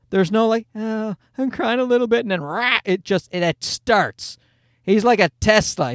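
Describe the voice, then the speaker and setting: Male comedian, middle-aged, high voice, very lively pitch, dry close sound, exasperated stand-up storytelling. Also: no room sound. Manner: animated, exasperated storytelling with loud acted-out asides.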